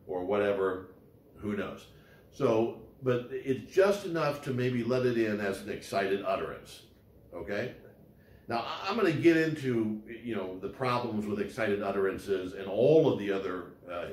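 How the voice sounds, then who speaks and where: A man's voice: lowish voice, echoey room. A man lecturing casually on law, rambling with frequent fillers and restarts.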